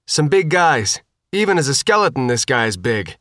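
A woman's voice: a bass voice, sing-song, moderate pace, fairly bright tone, no room sound, clean studio sound, full character voice. A man voicing a tough young woman soldier in an audiobook, blunt and commanding. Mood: brisk orders. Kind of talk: audiobook character voice.

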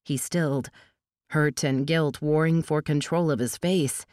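A woman with a fairly low voice narrates an audiobook in a measured, steady way. The sound is close and dry, with no room around it. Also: no room sound.

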